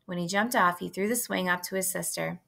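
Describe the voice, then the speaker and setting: Woman with a gravelly storybook reading voice. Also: lowish voice, brisk. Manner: steady, gentle storytelling. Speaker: narrator reading a children's novel aloud. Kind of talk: storybook read-aloud.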